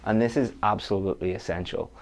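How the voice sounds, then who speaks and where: A man's voice: lowish voice, fast, creaky. A man giving a direct, practical online exam-prep lesson, with frequent restarts. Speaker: IELTS teacher.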